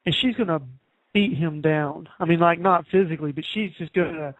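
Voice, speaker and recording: A male podcast host chatting casually, his voice sitting a touch high. He rambles through fillers and restarts and laughs easily. The audio is dry, narrow and phone-like. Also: fairly quick, no room sound. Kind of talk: casual chat.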